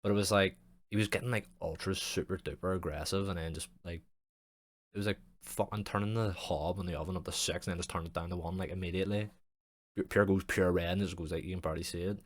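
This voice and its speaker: A young man with a low voice talks casually on his podcast, rambling through a story with plenty of swearing and fillers. The sound is dry and close, with no room behind him. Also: steady tone, fast, dry recording. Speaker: podcast host. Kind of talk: casual chat.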